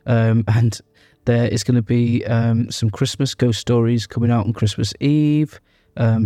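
Gravelly young man, lots of ums. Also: medium pitch, mellow, no echo. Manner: rambling, full of ums and fillers. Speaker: podcast host. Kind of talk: casual podcast intro chat.

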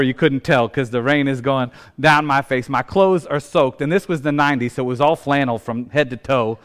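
A man's voice: on the high side, fairly bright tone, clean tone. A man, a pastor telling a self-deprecating personal story in a sermon. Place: church sanctuary.

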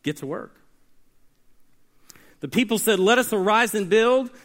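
A man preaching a sermon, swinging between hushed, slow stretches and loud, emphatic calls, and getting the congregation to answer back. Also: high-pitched, lively intonation. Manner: call-and-response with the congregation. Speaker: pastor.

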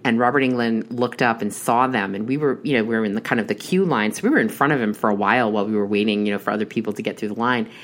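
A woman's voice: extremely low pitch, fast talker, few pauses. A young adult woman telling a long, rambling personal story in casual chat, with many restarts and fillers. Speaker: horror podcast host.

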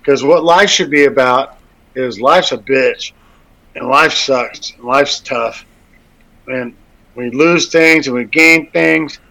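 A man's voice: medium pitch, slow pace, vocal fry, bright, forceful tone, poor audio. A man hosting a casual talk show, rambling with crude jokes and many restarts. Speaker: radio show host.

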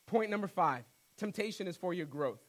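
A man preaching a sermon, animated and conversational, acting out quotes and cracking jokes. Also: high-pitched, normal speed. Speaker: pastor.

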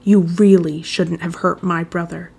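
Harry, a quiet, stern boy wizard, as a woman reads him. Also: mid-range voice, moderate pace, gravelly, husky. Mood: calm. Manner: quiet, mild, unyielding.

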